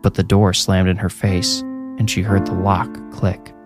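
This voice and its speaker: A man's voice: low-pitched, flat delivery, measured pace. A man voicing a worried mother as she grimly tells her family an old ghost story, over music. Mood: grave. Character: worried mother, adult woman, haunted by her past.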